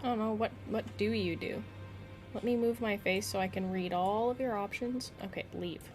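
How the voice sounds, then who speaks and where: A woman's voice: mid-range voice, fairly even intonation, moderate pace, a little mellow, soft background music. A woman streamer chatting casually and playfully while she plays a video game. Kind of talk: casual gaming stream chat.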